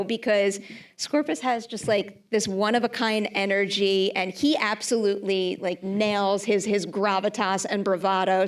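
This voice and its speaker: A woman interviewing cast members at a press event, asking questions in an upbeat, enthusiastic way. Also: medium pitch. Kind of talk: press junket Q&A.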